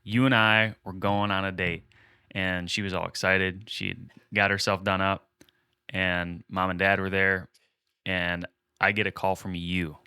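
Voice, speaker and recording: A man with a fairly low voice, recorded dry with no room sound. He co-hosts a casual podcast and tells a story with animation, playing out each quoted line. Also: a little slow, smooth, no echo. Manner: animated retelling, acting out quoted dialogue. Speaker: podcast co-host.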